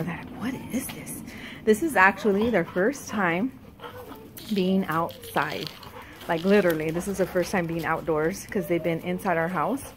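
A woman chatting casually as she films her dogs outside on a phone, cooing at the puppies in baby talk and laughing often. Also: medium pitch. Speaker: dog owner vlogger. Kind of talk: casual chat. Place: outdoors in a yard. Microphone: handheld phone. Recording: noisy outdoor phone recording.

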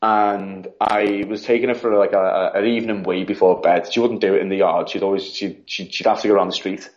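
A man with a British accent, a podcast guest telling stories in a casual, animated way, acting out quotes and saying "like" a lot. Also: sits low, fairly quick. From United Kingdom. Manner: animated, acts out quotes, frequent "like". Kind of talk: casual storytelling. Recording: dull lo-fi sound.

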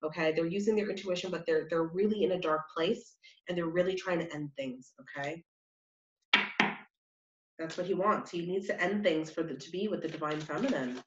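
A woman's voice: lowish voice, normal speed. A woman giving a casual tarot reading, talking in a chatty, rambling way with many fillers. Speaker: tarot reader. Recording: roomy, slightly dull sound.

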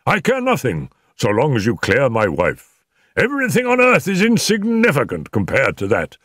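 An older man reading an audiobook, voicing a hoarse, desperate father pleading in a high, strained voice. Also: very animated, normal speed, no echo, studio quality, full character voice. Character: anxious, desperate middle-aged father.

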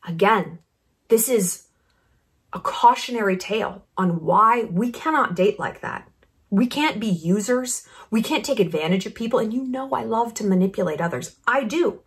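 A YouTube commentator in her thirties delivers a sarcastic, blunt opinion monologue as a vlogger, brash and full of quick asides. Her voice is fairly high, animated and fairly bright in tone.

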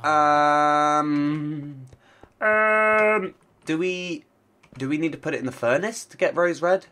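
A man's voice: on the high side, fairly quick. A man with a cold, sounding a bit congested, chatting casually to himself and his viewers as he plays a block-building game. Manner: chatty, talks to himself and the animals. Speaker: gaming channel host. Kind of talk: casual Minecraft let's-play commentary.

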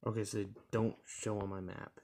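A man's voice: lowish voice, moderate pace, slight background noise. Profane, jumpy man playing a horror game. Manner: profane, jumpy, excitable reactions. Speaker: gamer. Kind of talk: horror gameplay commentary.

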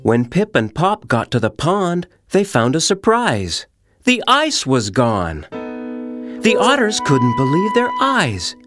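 Expressive male storybook narrator, slow. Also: a little high, music in the background. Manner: expressive, gently animated. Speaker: audiobook narrator. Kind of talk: children's storybook reading.

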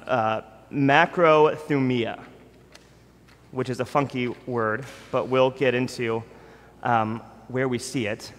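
A man preaching a sermon as pastor, talking casually with asides and fillers as he explains scripture. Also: medium pitch. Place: church sanctuary. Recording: long church hall reverb.

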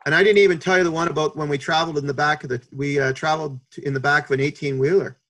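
A man in his fifties, a podcast guest who tells stories in a lively way and acts out the people he quotes. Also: fairly high pitch, very fast. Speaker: podcast guest, hockey executive. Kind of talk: storytelling.

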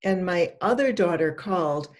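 An older woman, an empowerment coach, speaking in a gentle, conversational, encouraging way. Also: lowish voice, lively intonation, normal speed. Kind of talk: casual advice talk.

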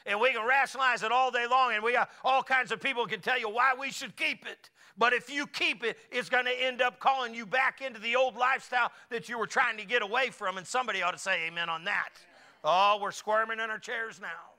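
A middle-aged man preaching a folksy sermon, swinging from quiet asides to loud exclamations. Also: extremely high pitch, steady tone, a little fast. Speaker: pastor.

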